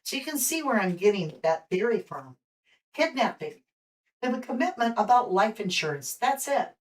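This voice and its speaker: A woman's voice: medium pitch, very animated, normal speed, distant mic. Chatty woman hosting a tarot live stream. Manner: chatty, warm toward viewers, speculative. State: hiccuping. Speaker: host and tarot reader.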